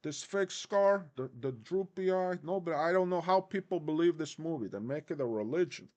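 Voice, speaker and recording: A man's voice: fairly high pitch, expressive, normal speed, darkish tone, voice pushed up, natural voice. A man doing an impression of a swaggering Cuban movie gangster, with a put-on mock Cuban accent and a brash, self-mocking manner.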